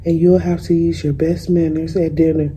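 A woman voicing a firm but loving mother in a calm, steady way while reading a storybook aloud. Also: low voice, moderate pace, slight background noise, close to an everyday voice, poor audio.

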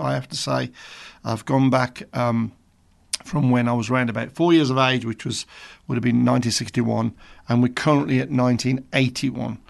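A man's voice: medium pitch, vocal fry, fairly bright tone. A man in his sixties from Birmingham, a radio presenter chatting between songs and telling a rambling story with self-amused asides. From England. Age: 60s.

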